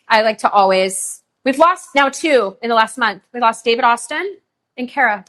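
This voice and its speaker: Chatty, higher-pitched woman selling roses live. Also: expressive, normal speed, a bit bright. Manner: chatty, many fillers, emotional at times. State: tearful. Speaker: live shopping host. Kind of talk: live sales stream chat. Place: rose farm, humid.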